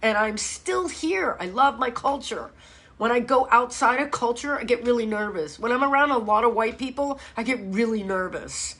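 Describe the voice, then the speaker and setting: A woman's voice: on the high side, animated, moderate pace, fairly bright tone. A middle-aged woman from hosts a live-stream chat, talking bluntly, swearing often and ranting with strong feeling. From Miami, USA. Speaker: fitness host.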